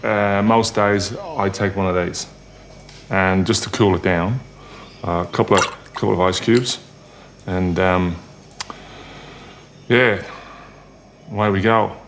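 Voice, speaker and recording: Man, casual demonstration, matter-of-fact, low pitch, faint noise. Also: fairly even intonation, takes it slowly, long pauses.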